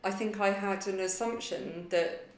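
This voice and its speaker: A woman's voice: medium pitch, a little slow, a little hiss or hum. Earnest woman in an echoey kitchen. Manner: thoughtful, earnest, with fillers. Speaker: podcast co-host. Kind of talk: casual chat. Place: kitchen table at home.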